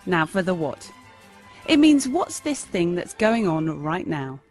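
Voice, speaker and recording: A woman teaching improv comedy in a bright, demonstrative instructional narration. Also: fairly low pitch, big pitch swings, unhurried, soft background music. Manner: bright, demonstrative, sing-song.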